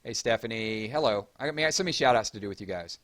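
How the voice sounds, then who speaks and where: Male livestream host, Southern drawl, a bit low-pitched, casual and talkative with chat. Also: animated, fast talker. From Georgia, US. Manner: chatty, reads chat aloud and gives shout-outs.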